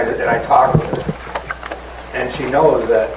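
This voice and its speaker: A man in a discussion group sharing a personal story, halting, with many fillers and restarts. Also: mid-range voice. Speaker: group member. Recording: roomy and distant with background noise.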